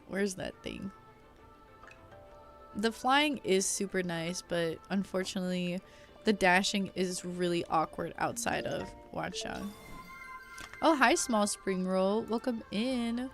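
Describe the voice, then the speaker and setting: A young woman streaming a game, chatting casually in slang, reading chat aloud and bursting into loud reactions. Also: mid-range voice, unhurried, soft background music.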